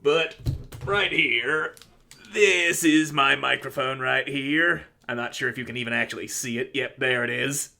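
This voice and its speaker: A man's voice: medium pitch, measured pace, creaky, pushed and bright, a little hiss or hum. A man talks into a USB desk mic in crude, self-mocking reaction commentary. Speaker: YouTuber.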